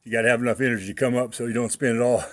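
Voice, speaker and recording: A man's voice: medium pitch, fairly even intonation, very fast, a bit bright. A slightly out-of-breath man talking casually to camera about his workout, rambling with many fillers. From United States. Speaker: fitness vlogger.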